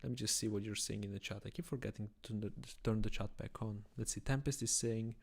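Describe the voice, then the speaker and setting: A young man from Italian-speaking Switzerland, a native Italian speaker, talks through his chess games on a live stream. His voice is low and gravelly, worn out, and kept quiet so as not to wake anyone nearby. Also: steady tone, fast. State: tired. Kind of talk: casual live-stream chat while analyzing chess.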